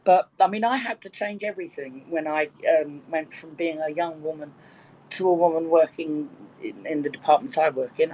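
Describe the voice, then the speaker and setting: A woman's voice: sits low, normal speed, warm tone, low-quality recording. A woman in her sixties from Birkenhead with a London-tinged English accent, chatting casually and telling bawdy stories with easy laughter. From Birkenhead, England. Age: 60s. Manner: bawdy, chatty storyteller who laughs easily. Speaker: participant in a live audio chat room. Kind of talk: casual chat.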